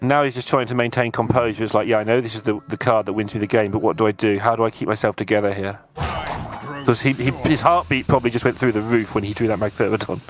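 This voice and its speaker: A man's voice: on the low side, steady tone, fast, faint music behind. Chatty male esports co-caster. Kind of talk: live game commentary.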